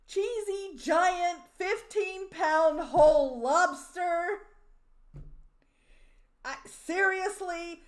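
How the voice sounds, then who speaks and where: A woman streamer in a casual, profane rant, mocking and exasperated as she reacts to a clip. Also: extremely high pitch.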